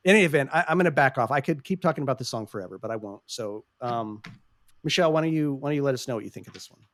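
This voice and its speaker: Racing along in an expressive, mid-range voice with a fairly bright tone, a podcast host talks casually, earnestly and passionately. He swears frequently and restarts sentences often while reaching for words.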